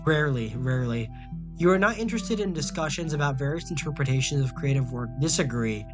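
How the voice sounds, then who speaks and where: A young man with a medium-pitched voice sounds animated and a little fast, with music behind him. On his casual stream he reads quiz questions aloud, then rambles through flustered answers, stammering and repeating himself often.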